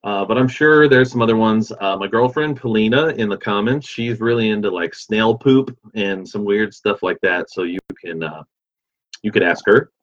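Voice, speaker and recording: Reading viewer comments during a livestream, a man chats in a relaxed, rambling manner filled with fillers. His voice is fairly low at a moderate pace, and the recording has a dull, lo-fi quality.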